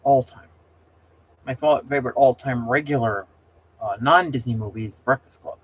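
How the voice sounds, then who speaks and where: A man's voice: mid-range voice, normal speed, a little hiss or hum. A man hosting a casual livestream, rambling, getting heated and exasperated as he talks. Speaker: livestream host.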